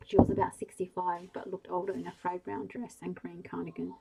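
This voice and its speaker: A woman reading a bedtime story aloud in a soft, hushed ASMR style, slow and gentle. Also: fairly low pitch, level tone, gravelly, noisy background.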